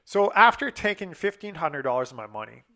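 A man's voice: on the high side, big pitch swings, a little fast, pushed and bright. A young man telling a long personal story in a casual, rambling, profane way, acting out what others said.

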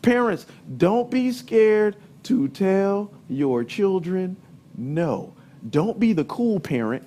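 A middle-aged man with a high voice preaches a sermon, weaving in lively stories from family life. He leans hard on key words and at times raises his voice to a shout. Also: slow. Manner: lively storytelling, emphatic, sometimes shouting.

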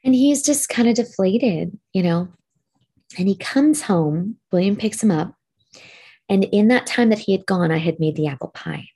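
A middle-aged woman co-hosting a podcast, telling an animated story in casual chat and swearing now and then. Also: mid-range voice, normal speed, husky. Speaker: podcast co-host.

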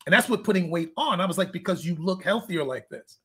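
A man's voice: high-pitched, lively intonation, a little fast, bright, forceful tone, slightly rough. A man, a fitness coach, chatting casually in an interview, telling candid rambling stories and laughing at his own jokes.

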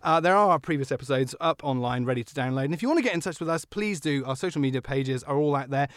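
A man hosting a car podcast, joking and animated as he talks. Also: on the high side, no echo, clean studio sound. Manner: animated, joking, quick-talking. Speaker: podcast host. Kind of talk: casual car podcast chat.

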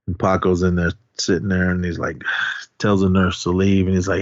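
A man's voice: sits low, level tone, moderate pace, no echo, highs cut off. A man hosting a podcast, casually recapping a film in a rambling way, with lots of restarts and fillers. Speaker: podcast host.

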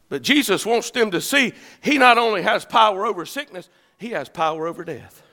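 A man preaching a sermon as pastor, building to shouted peaks. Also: sits high, lively intonation, fairly quick, in a large hall.

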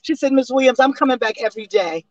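A woman in her sixties, a singer and interview guest, telling stories in a lively way with laughs and restarts over a remote call. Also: sits high, quick pace, dry recording, dull audio. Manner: animated storyteller with frequent laughs and restarts. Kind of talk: casual interview storytelling.

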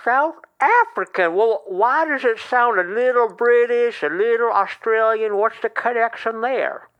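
A man's voice: very high voice, measured pace, smooth, dull audio. A man voicing a humble, gushing Southern country fellow with an Ozark accent who rambles and stammers. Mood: folksy. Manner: rambling, stammering, self-deprecating. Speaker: honorary podcast member.

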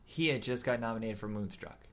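A man's voice: on the low side, brisk, a bit bright. A man co-hosting a casual movie-review podcast, making wry, laughing, profane asides. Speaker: podcast co-host.

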